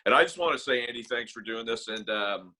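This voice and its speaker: Bright-voiced man hosting casual chat. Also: medium pitch, lively intonation, a little fast, poor audio.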